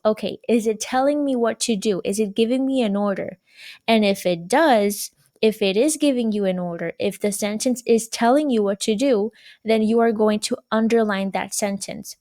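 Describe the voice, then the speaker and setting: Woman, young adult, teacher, recorded lesson, patient, repetitive, slightly high pitch. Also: a little mellow. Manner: patient, repeats key points with "right?". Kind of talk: recorded classroom grammar lesson.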